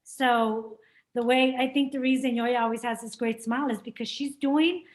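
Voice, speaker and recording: A woman with a high-pitched voice leads a small business workshop discussion. She talks in an encouraging, conversational way with her guest. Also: steady tone, moderate pace, poor audio. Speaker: workshop facilitator.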